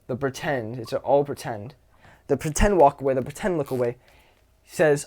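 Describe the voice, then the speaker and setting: A man's voice: medium pitch, normal speed, darkish tone. A young man giving casual social advice, loose and profane, acting out little anecdotes with quoted voices. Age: young adult. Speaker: social skills coach.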